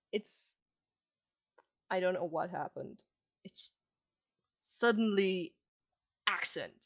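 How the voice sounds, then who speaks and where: A woman's voice: on the low side, slow pace, pauses often, highs cut off. A woman in her late teens who grew up between Germany and Malaysia, with a slight mixed German and Malaysian English accent, talking casually in a webcam vlog with lots of ums and restarts. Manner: rambling, many ums and restarts. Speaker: vlogger.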